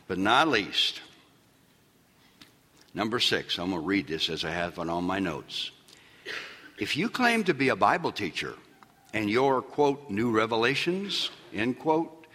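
A man preaching a sermon as pastor, swinging from shouted peaks down to low, quiet asides. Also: sing-song, a little slow, long pauses, long reverb tail. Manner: preaching with loud shouted peaks and sudden drops.

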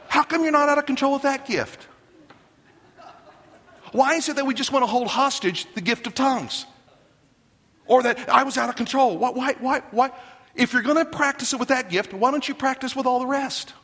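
A man preaching a sermon in an emphatic, animated way, with joking asides to the congregation. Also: very high-pitched, moderate pace, pauses often, in a large hall. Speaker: pastor.

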